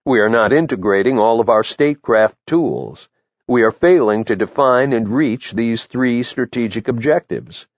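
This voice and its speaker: A man reading his own memoir aloud in the first person, with a measured, matter-of-fact delivery. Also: mid-range voice, animated, dry recording, lo-fi sound. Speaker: memoir narrator.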